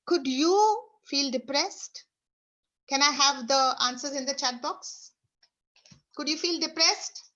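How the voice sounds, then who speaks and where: High-voiced woman leading an online workshop. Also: takes it slowly, fairly bright tone, lo-fi sound. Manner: instructive, leads exercises with repeated commands. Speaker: speaker leading an online session. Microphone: video call.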